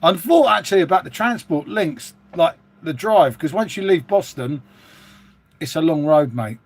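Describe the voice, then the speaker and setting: A man's voice: fairly high pitch, animated, moderate pace. A middle-aged Englishman, chatting casually and rambling to viewers on a live stream. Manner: chatty, rambling, matey, reading out viewer comments. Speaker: livestream host.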